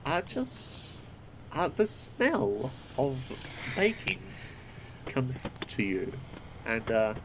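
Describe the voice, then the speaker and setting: A man running a tabletop role-playing game as game master. He talks slowly and with a very lively, rising and falling pitch, pausing often with fillers. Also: background noise. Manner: slow, halting, many fillers.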